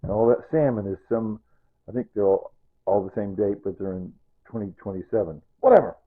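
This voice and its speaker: Husky guy rambling on in his kitchen, middle-pitched voice, tinny phone-like sound. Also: a little fast. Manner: rambling, repeats himself, explains step by step. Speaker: home cooking vlogger. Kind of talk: unscripted cooking video chat. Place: home kitchen.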